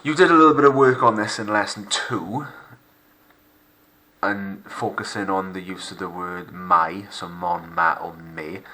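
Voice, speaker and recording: A male French teacher narrating a recorded remote lesson, slowing down to model pronunciation for pupils to repeat. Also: deep voice, bright, forceful tone. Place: home recording for lockdown learning.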